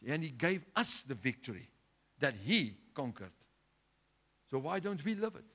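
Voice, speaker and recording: A male pastor preaching a sermon with a South African accent, swinging between loud urgent exhortation and quiet, low asides. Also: very animated, a little slow, pauses often. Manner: impassioned preaching, rising loud then dropping low.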